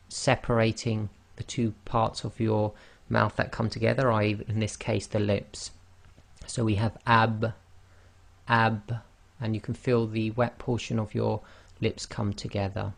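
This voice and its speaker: A man's voice: fairly low pitch, vocal fry. A man teaching the pronunciation of Arabic letters, patiently demonstrating each sound and repeating it. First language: not Arabic. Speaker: online Quran teacher. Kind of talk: pronunciation lesson.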